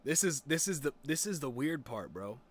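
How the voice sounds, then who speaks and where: A man's voice: fairly high pitch, sing-song, normal speed, slightly rough. A young man streaming and chatting casually, rambling with lots of fillers, restarts and swearing. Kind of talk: casual chat.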